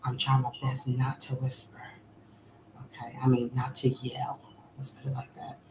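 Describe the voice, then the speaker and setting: Woman cooking-stream host, low-pitched, chatty and half-whispering to viewers, roomy echo. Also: completely flat delivery, moderate pace. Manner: chatty, addresses viewers as y'all, often drops to a near whisper. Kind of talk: casual livestream chat. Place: home kitchen. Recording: echoey room with background noise.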